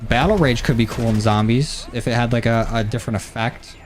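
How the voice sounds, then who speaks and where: This medium-pitched man talks a little fast over background noise as he streams a shooter from his home gaming setup. His casual, rambling commentary is full of swearing, captured by a desk mic through a mixer, with faint game gunfire audible.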